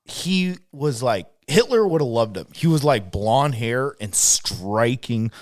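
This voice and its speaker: A man's voice: medium pitch, animated, a little slow, darkish tone, no room sound, clean studio sound. A man co-hosting a podcast, telling loose, profane stories in casual chat. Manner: loose, profane storytelling with laughs. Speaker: podcast co-host.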